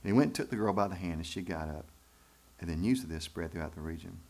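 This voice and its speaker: Man, pastor, sermon, low voice, folksy emphatic delivery. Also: animated, quick pace, vocal fry, a little mellow. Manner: folksy, preaching with rising emphasis and rhetorical questions. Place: church.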